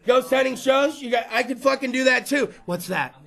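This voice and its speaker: Male host, thirties, profane stand-up rant; bright, edgy timbre. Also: very high-pitched, level tone, brisk, vocal fry. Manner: crude, profane, rambling storyteller. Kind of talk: stand-up style rant to a live room. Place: room with small live audience.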